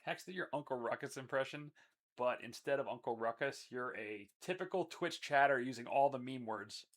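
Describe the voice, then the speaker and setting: A man's voice: mid-range voice, normal speed, a bit bright. A man casually asking for impressions on a live stream. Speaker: stream viewer giving prompts. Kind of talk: casual chat.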